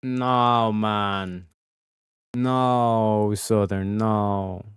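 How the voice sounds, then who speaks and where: A man's voice: fairly low pitch, fairly even intonation, very slow, clean tone, no echo, studio quality. Blunt, profane man ranting dryly. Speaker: show host. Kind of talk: casual commentary rant.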